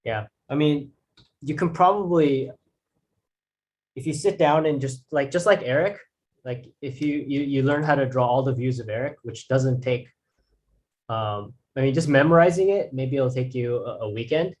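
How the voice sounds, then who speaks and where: A man's voice: medium pitch, normal speed. A man teaching drawing in a casual, rambling way, restarting sentences and using fillers. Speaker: art instructor.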